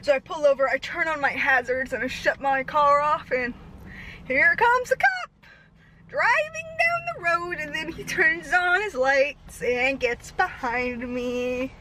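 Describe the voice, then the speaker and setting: Breathless, fast-yapping young woman. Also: high voice, lively intonation, sharp tone, a little hiss or hum, low-quality recording. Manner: breathless, fast-talking, self-deprecating. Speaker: vlogger. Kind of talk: rambling storytime chat.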